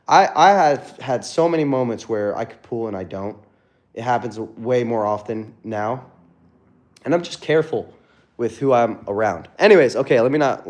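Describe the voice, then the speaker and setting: A man's voice: mid-range voice, darkish tone. A young man, a dating coach, talking casually in a livestream with rambling stories and frequent swearing.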